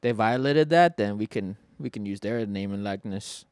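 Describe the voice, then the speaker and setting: A man co-hosting a casual podcast, jumping in with quick questions and interjections. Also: on the low side, darkish tone, smooth, no echo. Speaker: podcast co-host. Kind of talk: casual chat.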